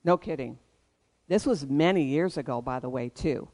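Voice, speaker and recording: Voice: medium pitch, moderate pace, a little mellow. A pastor preaching a sermon, emphatic and leading the congregation in call-and-response.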